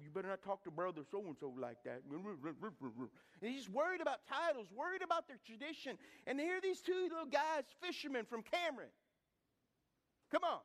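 A man's voice: high voice, a bit bright. A middle-aged man, preaching a folksy, emphatic sermon. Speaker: pastor.

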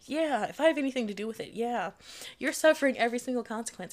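Young woman, podcast host, casual monologue, profane, animated, frequent laughter, higher pitch. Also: brisk. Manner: animated, profane, laughs often mid-sentence.

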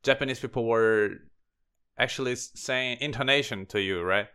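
Bright, clear-voiced male interviewer. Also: mid-range voice, moderate pace. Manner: brief, encouraging interviewer. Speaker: podcast host. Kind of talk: interview questions.

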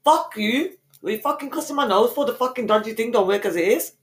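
A young woman co-hosting a podcast, all brash teasing and constant swearing in slangy street talk. Her voice swings up and down a lot, lively and animated. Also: fairly high pitch, quick pace. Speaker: podcast co-host. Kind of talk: casual banter.

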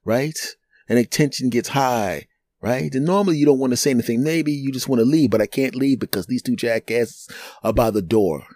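A middle-aged man, a podcast host and comedian, telling a story in an animated, chatty way with chuckling asides. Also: medium pitch, brisk, no room sound. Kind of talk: storytelling monologue.

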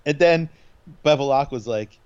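A man's voice: mid-range voice, normal speed, a little mellow, clean tone, dull audio. A man in a casual chat, recapping an episode in a rambling way with many fillers and quoted lines. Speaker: podcast co-host recapping an episode.

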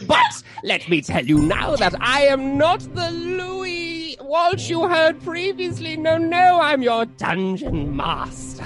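A man playing a theatrical dungeon master, announcing in a gravelly showman manner over music. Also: high voice, exaggerated voice.

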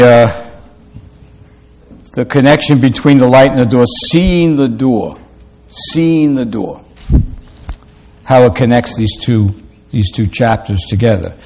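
Slow, halting male preacher. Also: medium pitch. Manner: slow, halting delivery with many fillers and restarts. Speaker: pastor. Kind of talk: sermon.

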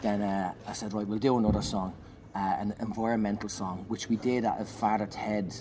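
Animated man telling a comedy story. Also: fairly low pitch, a little fast. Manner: animated, swearing, loud acted-out bursts. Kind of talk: storytelling anecdote in conversation. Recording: noisy background.

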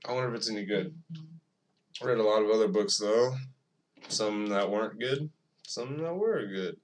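A man's voice: fairly low pitch, moderate pace. A man hosting his own podcast, rambling alone in a profane, self-mocking casual monologue. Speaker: podcast host.

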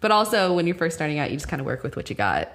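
Woman podcast host, casual chatty talk, fairly low voice, lots of "like". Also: sing-song, very fast, fairly bright tone. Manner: chatty, uses "like" a lot. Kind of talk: casual chat.

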